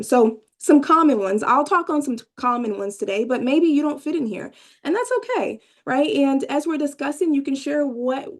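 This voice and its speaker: A woman with a fairly high voice leads a workshop, chatting directly with her listeners and tossing them questions. She tags many of her points with "right?" and lifts her voice when she acts out what people tell her. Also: creaky. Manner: conversational, asks the audience questions, frequent "right?" tags; acts out clients' inner voices with rising pitch. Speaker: workshop presenter, therapist trainee. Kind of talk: live workshop talk to room and video call.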